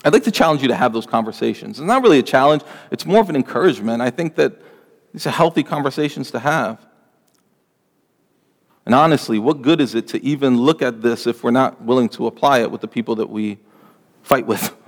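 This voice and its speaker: Male pastor, mid-pitched and earnest, preaching with a long hall echo trailing his words. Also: animated, fairly quick. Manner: earnest, pleading, rising emphasis on lists. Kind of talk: sermon.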